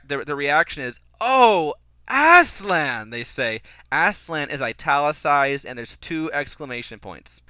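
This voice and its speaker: A young man gives a casual film commentary with a critical, animated edge. His voice is bright and smooth, recorded close and dry. He talks loosely, with frequent restarts and fillers. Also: medium pitch, dry recording. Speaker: podcast host reviewing a film.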